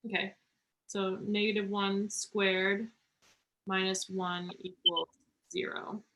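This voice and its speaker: Bright-voiced woman tutoring math. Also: medium pitch, flat delivery, low-quality recording. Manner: encouraging, talks through steps slowly. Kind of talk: online tutoring session.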